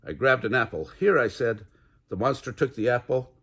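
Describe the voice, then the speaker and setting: A man's voice: mid-range voice, animated, moderate pace, a bit bright, a little hiss or hum. Grandfatherly man reading a picture book aloud. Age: older. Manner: chuckles while reading. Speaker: storybook reader. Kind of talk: children's book read-aloud.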